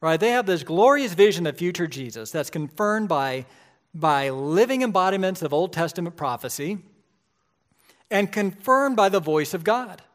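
A man's voice: high voice, expressive, moderate pace, fairly bright tone. A man, a pastor, preaching a sermon in a conversational way that grows emphatic at key points.

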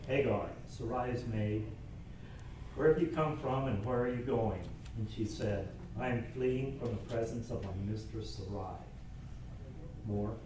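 A man in a class reading scripture aloud in a steady, plain way. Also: mid-range voice, a little hiss or hum. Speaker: class member. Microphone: off-mic, away from the microphone. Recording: echoey room from far off.

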